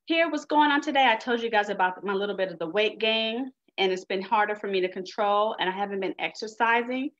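A woman's voice: medium pitch, fairly quick, few pauses, fairly bright tone. Chatty woman on a video call. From United States. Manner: chatty, folksy, addresses audience as y'all. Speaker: guest speaker sharing her experience. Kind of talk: webinar presentation. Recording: dull lo-fi video call audio.

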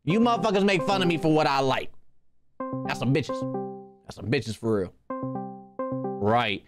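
A young man hosting a livestream, chatting casually with his chat in a loud, joking, profane way that swings into shouting. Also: a little high, sing-song, measured pace, over music. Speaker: streamer hosting an art contest.

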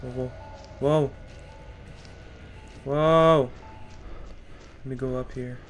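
A man's voice: medium pitch, steady tone, drawn-out words, faint music behind. A young man streaming a horror game, jittery and scared, muttering to himself and taunting the monster in slangy talk. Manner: slangy, keeps saying bro. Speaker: gaming streamer. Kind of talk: horror game let's play commentary.

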